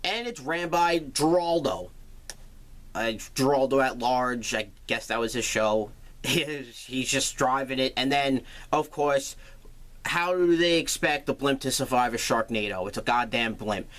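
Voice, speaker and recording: A man's voice: mid-range voice, measured pace, fairly bright tone. A man recapping a film's plot in a casual, sarcastic way, swearing freely as he goes. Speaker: movie reviewer.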